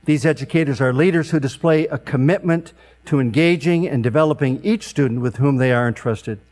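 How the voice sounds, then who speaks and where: A man in his sixties, emceeing an awards event, telling a funny family story in a deadpan way with sharp comic timing. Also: medium pitch, a little fast.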